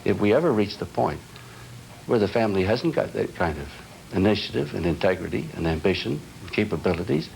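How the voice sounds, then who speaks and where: A man being interviewed for a television documentary, talking haltingly with many restarts as he searches for words. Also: on the low side, big pitch swings, creaky, darkish tone, slight background noise, poor audio. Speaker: interviewee, business heir.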